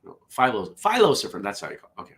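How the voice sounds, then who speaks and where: A man's voice: medium pitch, huge pitch swings, very fast, fairly bright tone. A man hosting a casual solo morning show. He rambles, interrupts himself, and drifts into side stories between the jokes he reads aloud.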